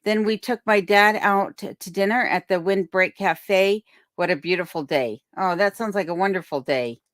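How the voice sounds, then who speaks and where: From her remote home in Alaska, a woman hosts a casual livestream, reading viewer comments aloud and chattily thanking people. Her mid-range voice is a bit bright at a moderate pace, and the boom-arm desk mic gives a dry, clean studio sound.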